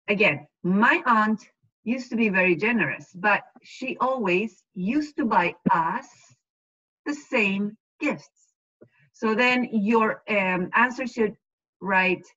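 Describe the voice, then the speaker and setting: A woman whose first language is Spanish leads an online class, talking at a slow, careful pace. She explains patiently and keeps checking that her students follow. The audio is dull and lo-fi, typical of a video call. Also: medium pitch, fairly bright tone, breathy edge. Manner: patient, explains slowly and checks understanding often. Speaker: Spanish teacher.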